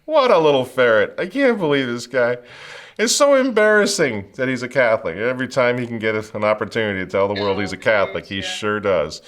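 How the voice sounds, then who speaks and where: Sarcastic lively male commentator. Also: medium pitch, a little fast. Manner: mocking, wry asides, animated. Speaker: host.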